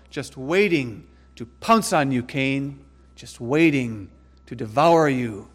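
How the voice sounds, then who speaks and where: A man preaching a sermon with emphatic, dramatic delivery, slowing to stress words and speeding through asides. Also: medium pitch, long reverb tail. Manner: emphatic, dramatic, swings between slow stresses and quick asides.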